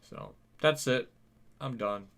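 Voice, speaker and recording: A man's voice: medium pitch, slow, fairly bright tone. A tired young man giving a casual channel update, rambling and hesitant with lots of fillers, sounding weary and apathetic. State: tired, yawning. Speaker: channel host.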